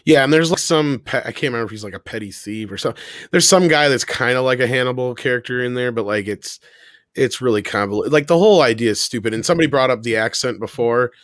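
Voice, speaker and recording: A man's voice: mid-range voice, quick pace, a bit bright, dry recording, studio quality. A man hosting a casual podcast chat, blunt and dismissive.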